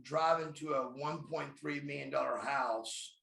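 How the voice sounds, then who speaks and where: Gravelly man telling blunt stories. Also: medium pitch, steady tone, a little slow, hardly any pauses, fairly bright tone. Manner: blunt, profane, calls himself by his own name. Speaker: interview guest, former pro wrestler. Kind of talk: storytelling in a podcast interview. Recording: echoey room.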